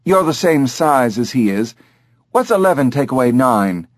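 A man's voice: medium pitch, sing-song, normal speed, no room sound, clean studio sound. A man reading an audiobook, voicing a chatty gray talking parrot that mimics people's voices.

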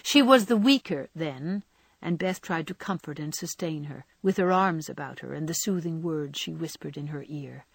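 A woman narrating a novel in a gentle, measured reading style. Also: sits low, gravelly, breathy edge, dry recording. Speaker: audiobook narrator.

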